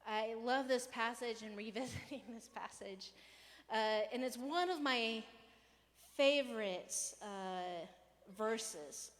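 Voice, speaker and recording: A woman's voice: a little high, slow pace. Woman pastor preaching in a reverberant hall. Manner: conversational, animated, acts out rants with raised voice. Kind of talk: sermon. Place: church hall.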